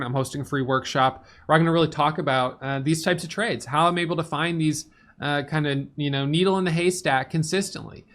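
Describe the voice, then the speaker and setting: Tired man recapping his trading day. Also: a bit bright. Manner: fast, filler-heavy talk with restarts, "boom" for quick actions. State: tired, yawning. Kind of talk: casual spoken trade recap.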